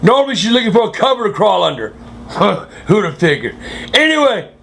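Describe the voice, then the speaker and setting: An older man with a gravelly voice, telling a crude, swear-filled story as host of his own vlog. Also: sits high, very animated, normal speed. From South Carolina. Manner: crude, swearing constantly, loud outbursts. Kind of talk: profane storytelling.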